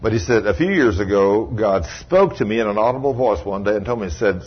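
A husky-voiced man preaching a folksy sermon, his pitch leaping and dropping as he acts out the voices in his stories. The recording is dull and lo-fi. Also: big pitch swings, fairly quick. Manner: folksy storytelling, swings from low murmurs to high cries. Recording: dull lo-fi sound.

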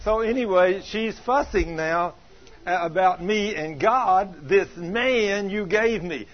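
An older man preaches in a loose, folksy way. He swings from quiet storytelling to loud emphatic lines. His husky voice sits a bit high and comes through a dull, lo-fi recording. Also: takes it slowly. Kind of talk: sermon with personal storytelling. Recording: dull lo-fi sound.

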